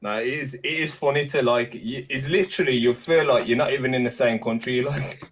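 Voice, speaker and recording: A man's voice: mid-range voice, fairly even intonation, a little fast. A man joining a casual live stream, laid-back and joking with laughs.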